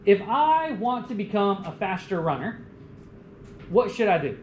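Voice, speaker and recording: Male college lecturer, animated and jokey, roomy classroom sound with faint hum. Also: sits high, measured pace. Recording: echoey classroom with faint room noise.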